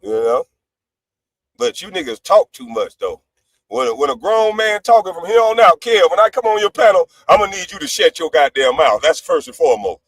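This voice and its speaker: Sounding like a heated livestream call-in, a high-pitched male panelist rants brashly and swears freely, swinging between loud outbursts and low asides. His voice is sing-song and fairly quick. The rough recording is close and dry, with no echo or room sound.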